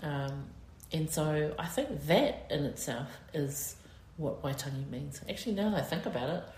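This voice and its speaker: Emotional, halting New Zealand woman. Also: low-pitched, lively intonation, darkish tone, a little hiss or hum. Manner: halting, many fillers, emotional. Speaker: interviewee. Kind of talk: emotional interview reflection. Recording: roomy echo.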